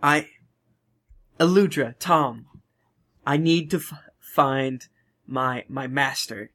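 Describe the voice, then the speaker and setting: A man's voice: medium pitch, slow pace, fairly bright tone. A man playing his character in a tabletop game, earnest and playful, often stumbling over his words. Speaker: player. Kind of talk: in-character tabletop role-play.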